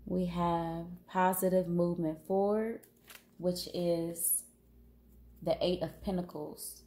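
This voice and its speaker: A woman with a cold giving a casual tarot reading, talking unhurriedly with pauses and fillers. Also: fairly low pitch, steady tone, dark tone, a little hiss or hum. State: has a cold, sniffling. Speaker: tarot reader.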